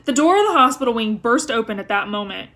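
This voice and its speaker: Female reader narrating a novel; expressive, slightly high pitch. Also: quick pace. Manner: expressive storytelling. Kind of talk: reading a novel aloud.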